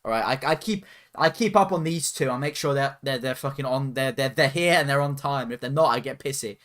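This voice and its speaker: A man's voice: mid-range voice, a little fast, a bit bright. A man co-hosting a casual podcast, joking and teasing his co-hosts in a mock-exasperated way. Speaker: podcast co-host.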